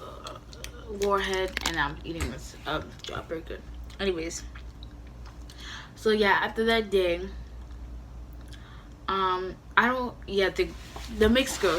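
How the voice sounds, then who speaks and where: A young woman telling a storytime vlog at home in a casual, animated way, full of "you know" and "like". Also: fairly low pitch, noisy background. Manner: animated, heavy use of "you know" and "like", acts out her own angry quotes. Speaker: vlogger.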